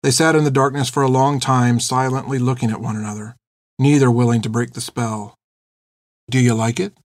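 A man giving measured, expressive scripted narration of a storybook. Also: medium pitch, no echo, studio quality. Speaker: audiobook narrator.

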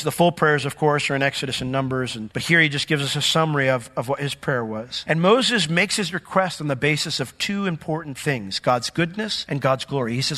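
A man preaching a sermon as pastor, animated and acting out the voices he quotes. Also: medium pitch, long reverb tail. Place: church sanctuary.

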